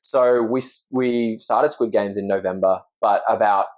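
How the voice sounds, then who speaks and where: A young Australian man with an Australian accent chats earnestly and openly as a podcast guest, laughing easily. His voice is fairly low, steady, and unhurried.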